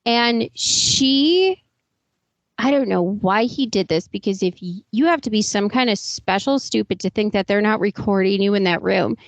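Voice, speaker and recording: A woman's voice: medium pitch, expressive, moderate pace, no echo. A woman co-hosting a podcast, ranting in an indignant, profane and emphatic way in casual commentary. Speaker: podcast co-host. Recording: dull, lo-fi, dry sound.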